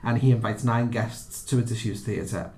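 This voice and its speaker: A man's voice: mid-range voice, fairly even intonation, normal speed, a little mellow, echoey room. A man hosting a horror podcast, chatty and laughing easily as he introduces the episode. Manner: chatty, laughing, self-deprecating. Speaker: podcast host. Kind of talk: casual podcast chat.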